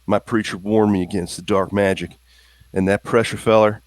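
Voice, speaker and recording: A man's voice: on the low side, steady tone, normal speed, no room sound, natural voice. A man doing a folksy young country guy. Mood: uneasy. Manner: folksy, blunt country talk. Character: young God-fearing country man, rough, uneasy.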